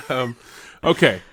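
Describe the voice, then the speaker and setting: A man's voice: on the high side, a bit bright, no echo. A man co-hosting a podcast in casual chat, laughing often and restarting his sentences. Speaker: podcast co-host.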